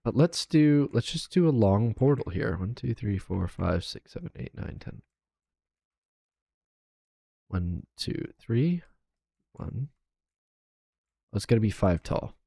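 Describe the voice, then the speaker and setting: A man with a fairly low voice chats casually while he plays a video game on a live stream. He counts blocks and mutters to himself as he works. The sound is dry and close, with no room echo. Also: expressive, a little slow, vocal fry, warm tone, husky. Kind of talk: casual gameplay commentary.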